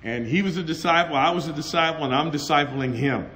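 A middle-aged man preaching a sermon at a conference, telling personal stories with animated, laughing delivery and acted-out dialogue. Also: fairly high pitch, fast, slight background noise. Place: conference hall.

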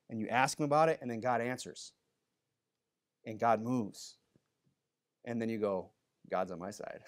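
Man preaching a conversational sermon. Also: medium pitch. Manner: preaches conversationally with Bible readings in a raised voice. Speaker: pastor.

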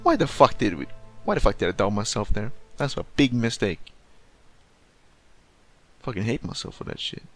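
A man's voice: on the low side, sing-song, moderate pace, pauses often, faint music behind. A man giving casual gaming commentary, rambling and swearing, often scolding himself. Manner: profane, self-critical, rambling. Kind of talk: casual let's play commentary.

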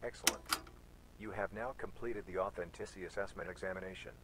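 A man voicing a cold adult male examiner who gives formal, flat announcements. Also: low-pitched, fast talker, rough recording. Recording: loud noise behind.

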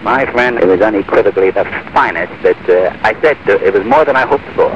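A man's voice: on the low side, brisk. A man on an archival phone call, effusive and gushing with praise. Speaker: congressman on the phone. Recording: noisy muffled old phone tape.

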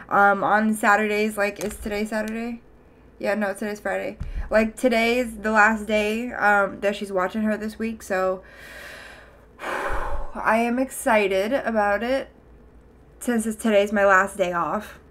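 A woman's voice: mid-range voice, fairly bright tone. A young woman streaming, chatting casually to her viewers in a rambling way with lots of fillers and restarts. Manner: chatty, rambling, with frequent fillers and self-corrections.

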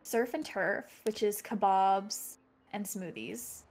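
Calm woman over loud music. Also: medium pitch, takes it slowly. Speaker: gaming guest. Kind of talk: casual gaming chat.

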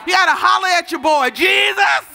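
Woman preacher, high bright voice, fervent sermon with shouted calls. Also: expressive, soft background music, a faint crowd. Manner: softer, measured teaching tone. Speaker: pastor.

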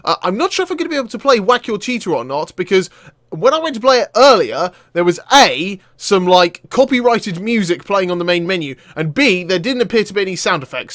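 A young man giving excitable let's-play commentary, often shouting and laughing as he plays. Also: high-pitched, no echo. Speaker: gaming video creator.

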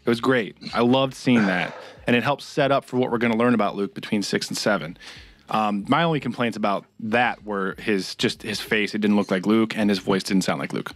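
A man's voice: on the low side, brisk, a bit bright. A young man co-hosting a casual podcast, ranting and swearing in frustration. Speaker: podcast co-host.

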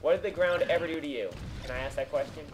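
A young man co-hosting a let's play, giving goofy, excitable commentary and bossing his partner around. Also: fairly high pitch, fast, background noise. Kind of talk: casual gameplay commentary. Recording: game music underneath.

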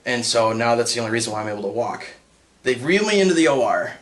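A young man doing a stand-up set for a live crowd, halting with many ums and uhs and breaking into high put-on voices. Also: big pitch swings, a bit bright. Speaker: stand-up comedian. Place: comedy stage with a live audience.

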